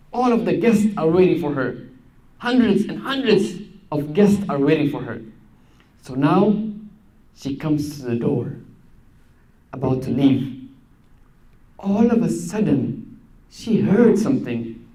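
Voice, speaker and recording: High-voiced male preacher telling a story. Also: distant mic. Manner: storytelling, with dramatic rises and direct questions to the audience. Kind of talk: sermon. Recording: echoey room.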